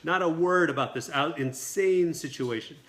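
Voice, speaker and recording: A man, a film director and guest, telling a lively anecdote at a dinner table interview. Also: fairly high pitch. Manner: quick, lively storytelling with acted quotes.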